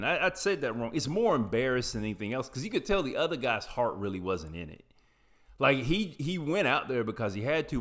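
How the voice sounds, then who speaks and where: A man with an Appalachian accent, casually telling a personal story, rambling and correcting himself as he goes. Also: medium pitch. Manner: rambling, self-correcting, trails off quietly. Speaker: podcast host.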